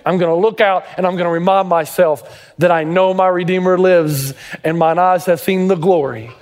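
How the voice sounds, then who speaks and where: A fairly high-voiced middle-aged man preaches with lively, theatrical storytelling, his voice ringing through a long hall reverb. He grew up in Tennessee and spins family tales into sermon points. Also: normal speed. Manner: dramatic storytelling, pitch leaping up in quoted voices. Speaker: pastor.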